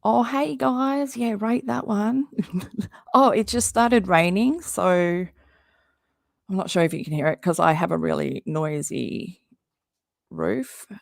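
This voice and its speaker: A woman's voice: mid-range voice, slow pace, vocal fry, pauses often, no room sound, studio quality. A woman who is losing her voice hosts a casual livestream from home, chatting, greeting viewers and laughing often. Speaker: livestream host. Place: home under a tin roof in rain.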